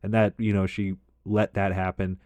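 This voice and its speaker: A man's voice: sits low, little pitch movement, moderate pace, darkish tone, no room sound. A man casually telling a personal story over gameplay, rambling and candid, with lots of filler words and swearing. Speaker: storytime commentator.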